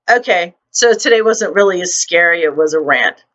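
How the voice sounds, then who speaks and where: A woman's voice: on the low side, sing-song, a little slow, creaky, a bit bright, highs cut off. A woman writer hosting her own vlog, ranting in a blunt, profane and indignant way into her computer microphone.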